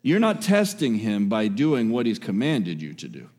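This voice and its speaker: A man preaching a sermon with emphasis, repeating key phrases and swinging between raised exhortation and hushed, quiet lines. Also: on the low side, huge pitch swings, moderate pace. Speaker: pastor.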